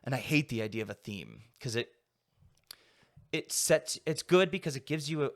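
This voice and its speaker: Chatting casually as a podcast guest, this young man rambles and leans heavily on "like" as filler. His voice is medium in pitch with lively intonation and a normal speed.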